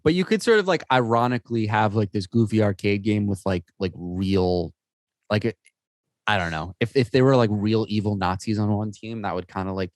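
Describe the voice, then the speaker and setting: Man, low voice, dry close mic, casual rambling podcast chat, lots of restarts. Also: a little fast, dry recording. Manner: rambling, stop-start, frequent restarts and fillers. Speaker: podcast co-host.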